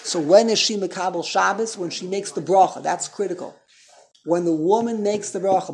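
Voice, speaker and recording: A man's voice: high-pitched, moderate pace, darkish tone, a little hiss or hum. A man leads an informal Torah class in a conversational tone. He keeps tossing questions to his listeners and corrects himself mid-thought as he explains. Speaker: Torah teacher.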